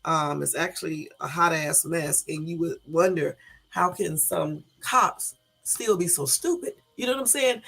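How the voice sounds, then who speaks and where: Over soft background music, a woman with a Southern US accent hosts a casual early-morning YouTube live stream, chatting loosely with her viewers. Her voice is lowish, a little slow, gravelly and slightly rough, with a groggy morning quality.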